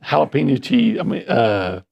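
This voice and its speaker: Male sports radio co-host, rough husky voice, jokey and rambling. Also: medium pitch, huge pitch swings, moderate pace, lo-fi sound. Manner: joking, rambling, playful. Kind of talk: casual sports talk banter.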